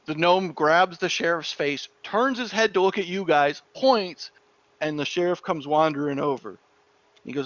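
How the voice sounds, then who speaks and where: A man's voice: on the high side, normal speed, a bit bright, no room sound, lo-fi sound. A man acting as dungeon master, narrating a tabletop game in a loose, chatty storytelling manner.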